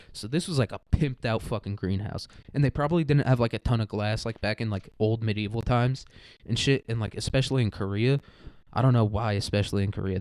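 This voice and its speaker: A man's voice: medium pitch, a little mellow, no room sound. A man rambling through a crude, profane comedic monologue, full of "like" and "dude". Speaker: podcast host.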